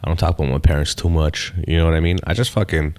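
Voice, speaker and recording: A man with a very low, deep voice, chatting casually on a podcast. He tells stories loosely and profanely, with plenty of animated energy as he talks. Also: fast talker. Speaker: stand-up comedian, podcast guest.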